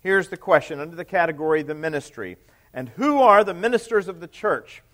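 A man, a priest, preaching a sermon in a conversational way, asking the congregation questions and dropping to a quiet low voice at the end of quoted lines. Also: lively intonation, a little fast.

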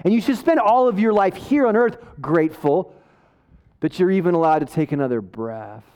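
High-voiced, fired-up man preaching. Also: moderate pace. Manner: energetic, conversational, jokey preaching with asides. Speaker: pastor. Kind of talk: sermon.

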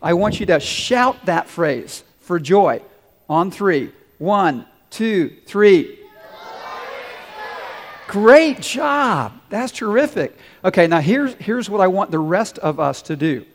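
A man with a high, light voice preaches to his congregation with earnest warmth of purpose. His words ring out in a large sanctuary with a long, lingering reverb. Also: animated, measured pace. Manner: earnest, leads the congregation in call-and-response. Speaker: pastor. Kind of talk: sermon.

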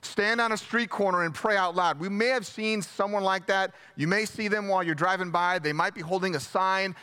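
A man preaching a sermon as pastor, conversational and gently self-deprecating, repeating key phrases for emphasis. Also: high-pitched, a little fast, clear, resonant tone.

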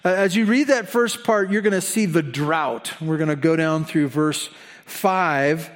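Male pastor, sermon delivery; animated, chatty, fond of humorous asides, slightly high-pitched. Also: a little slow.

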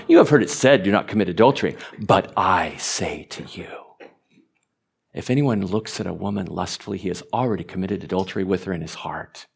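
A man preaching a sermon, animated, stumbling over repeated words and rising to emphatic peaks. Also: low voice, moderate pace, creaky, slightly rough. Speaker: pastor.

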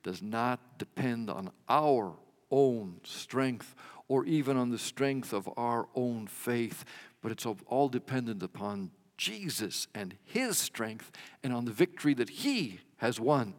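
A man delivering a sermon at an unhurried, deliberate pace, his voice in the middle range. He swells to emphatic peaks and lets line endings fall away. The sound carries a long reverb, as in a large hall. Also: mid-range voice, lively intonation. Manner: measured preaching with emphatic swells and dropped endings. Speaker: pastor.

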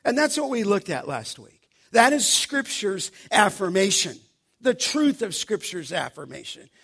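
A male pastor preaching with a high, ringing voice. He leans hard on key phrases and slows down to stress them, delivering the sermon with steady conviction. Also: creaky, slightly rough.

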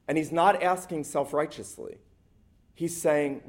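A man's voice: fairly high pitch, animated, a little slow. Earnest male pastor preaching. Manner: earnest, emphatic repetition in short phrases. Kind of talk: sermon.

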